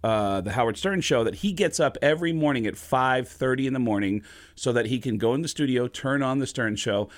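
Comedian guest, male, animated storyteller, dry close sound. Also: fairly quick, no echo. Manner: animated, jumps into high excited voices when quoting people. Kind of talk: casual storytelling.

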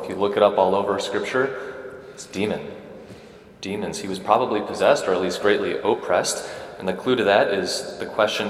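A man's voice: on the low side, moderate pace, roomy sound, long reverb tail. A man preaching a homily at Mass in a conversational way, often checking in with the congregation. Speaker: Catholic priest. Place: church.

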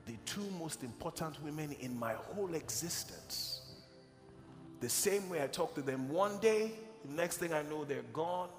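A man from Nigeria preaching, telling a personal testimony as an emotional, animated storyteller in a large church hall. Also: on the high side, moderate pace. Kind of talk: sermon storytelling. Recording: echoey hall with music.

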